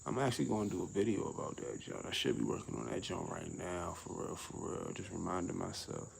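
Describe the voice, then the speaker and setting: A man's voice: deep voice, big pitch swings, fairly quick, vocal fry, slight background noise, rough recording. A middle-aged man vlogging outdoors on a summer evening, talking in a laid-back, slangy way and laughing often. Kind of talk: casual outdoor vlog rant.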